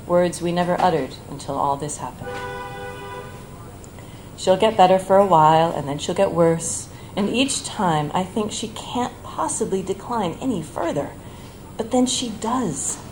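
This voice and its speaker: A woman reading her own personal essay aloud at a bar event, in a measured, reflective, tender way. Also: fairly low pitch, darkish tone, a little hiss or hum, rough recording.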